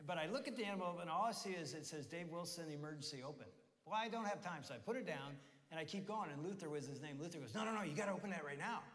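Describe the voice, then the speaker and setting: A pastor with a slightly higher male voice tells a comic story from the stage. He swings from hushed asides to bursts of laughter. His voice rings with the long reverb of a church hall. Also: fast talker. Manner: lively storyteller, laughing at his own anecdotes. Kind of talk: sermon with personal stories. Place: church auditorium.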